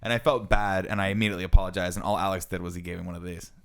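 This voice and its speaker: A young man with a somewhat low voice rattles through a story on a casual podcast. He talks quickly and acts out what each person said. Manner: animated storyteller, acts out quoted lines. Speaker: podcast co-host.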